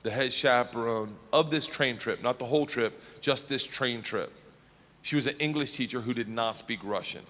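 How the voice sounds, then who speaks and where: Man, stand-up comic, raucous, sharp bright voice, reverberant stage, faint noise. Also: mid-range voice, moderate pace. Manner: loud, raucous, shouting punchlines. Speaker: comedian. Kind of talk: stand-up storytelling.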